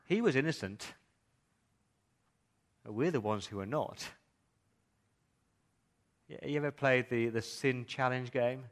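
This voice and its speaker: A male pastor delivers a sermon at a middle pitch. He keeps asking the congregation questions, sinks to a near-whisper at times and then builds back up with emphasis. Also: takes it slowly, pauses often. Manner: asks the congregation rhetorical questions.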